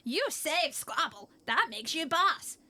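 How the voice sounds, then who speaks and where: A woman's voice: sits high, big pitch swings, slow pace, bright, forceful tone, full character voice. Woman doing a scrappy sly redcap goblin. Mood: scheming. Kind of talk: animated story acting.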